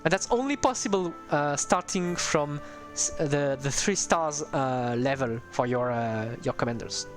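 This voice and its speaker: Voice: medium pitch, unhurried, few pauses, faint music behind. A streamer giving casual, rambling commentary on a strategy game, talking to viewers with many hesitations.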